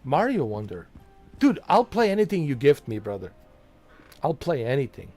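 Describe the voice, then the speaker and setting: A man's voice: medium pitch, big pitch swings, normal speed, dark tone, soft background music. A man streaming a video game, chatting casually and joking with his viewers, laughing often. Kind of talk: casual live-stream commentary.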